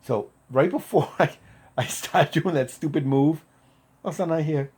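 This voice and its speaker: A man in his fifties, a former Marine, casually telling a profane story and getting loud when he quotes people. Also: on the high side, moderate pace, husky. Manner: profane, animated, loud when quoting others.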